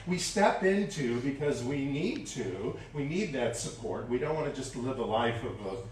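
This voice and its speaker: A man's voice: mid-range voice, expressive, normal speed, recorded from a distance. A man minister preaching a sermon with a folksy storytelling manner. His voice rises and falls a lot. He is heard from away from the mic in a very echoey hall with faint room noise.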